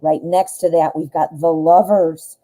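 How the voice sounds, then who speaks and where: Woman, middle-aged, very dark mellow tone, lowish voice, chatty live-stream tarot reader, laughs at herself. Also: little pitch movement, unhurried, low-quality recording. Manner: chatty, laughs at her own jokes, talks to viewers.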